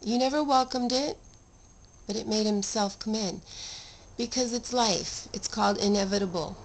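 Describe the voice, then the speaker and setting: A woman's voice: medium pitch, normal speed, poor audio. A middle-aged woman telling her own story of a long illness in casual, heartfelt talk, earnest and rambling, with restarts and sudden emphatic rises.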